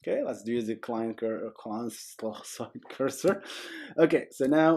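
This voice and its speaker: A man's voice: medium pitch, slow. A young man hosting a casual programming tutorial, chatty and joking, with frequent okays and rights. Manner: chatty, animated, often adds okay and right, jokes. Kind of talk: casual screen-recorded coding tutorial.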